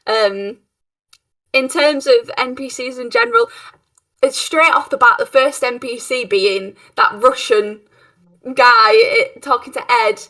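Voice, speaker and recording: A woman's voice: a little high, lively intonation, a little slow, pushed and bright, distant mic. A woman with a Cockney accent, chatting casually and giggly as a tabletop game player. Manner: giggly, chatty, trails off and restarts. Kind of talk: casual chat.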